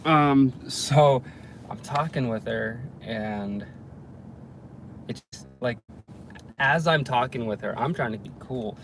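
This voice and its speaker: A man's voice: mid-range voice, slow pace, long pauses, a bit bright, slight background noise. A man telling an exasperated story about a difficult client in a casual vlog rant, swearing casually and restarting his sentences often. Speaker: handyman vlogger.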